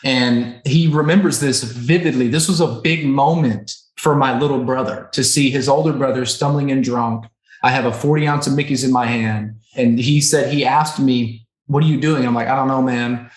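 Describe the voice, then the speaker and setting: This thirties-aged podcast guest co-runs a recovery center and shares a heartfelt personal story, frequently adding "right?" or "okay?". He speaks in a mid-range voice at a moderate pace with fairly even intonation. A roomy echo hangs on his voice.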